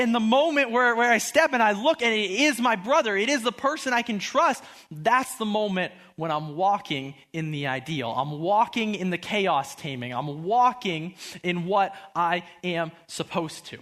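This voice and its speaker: Young male preacher, 20s, high and bright voice, animated storyteller. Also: normal speed. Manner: animated storytelling, acting out quotes. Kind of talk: sermon.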